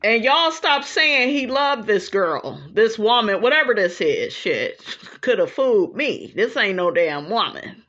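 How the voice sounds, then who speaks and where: Blunt cussing woman on her channel, kinda high voice, keeps saying okay, muffled lo-fi sound. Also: animated, measured pace, a bit bright. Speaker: reality TV commentator. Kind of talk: casual commentary. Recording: dull lo-fi recording.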